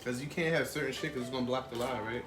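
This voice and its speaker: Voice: mid-range voice, racing, recorded from a distance. A friend co-hosting a live mukbang, chatting casually and trading playful insults. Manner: playful, trash-talking banter. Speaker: co-host friend. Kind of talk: casual chat. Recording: echoey room with clear background noise.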